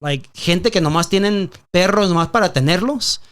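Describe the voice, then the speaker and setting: A man hosting a podcast, telling a story in a casual, profane, animated way and slipping in Spanish phrases. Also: sits high, a little fast, clear, resonant tone. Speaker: podcast host.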